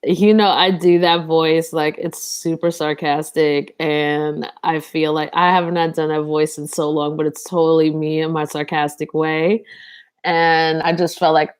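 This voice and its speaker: A woman's voice: low voice, little pitch movement, unhurried, smooth. A young woman giving a casual live tarot reading, chatty and rambling, talking to viewers in the chat. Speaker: tarot reader.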